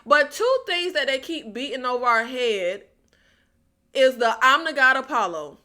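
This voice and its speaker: A woman with a high voice and lively intonation recaps a TV episode at an unhurried pace, her tone sharp. Casual and exasperated, the recap vlogger calls her viewers "y'all" and fires sarcastic rhetorical questions at them.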